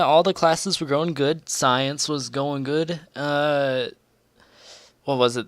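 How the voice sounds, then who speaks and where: A man's voice: mid-range voice, fairly bright tone, clean tone, no echo, clean studio sound. A young man telling a crude, rambling storytime vlog, laughing at his own story. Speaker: storytelling vlogger.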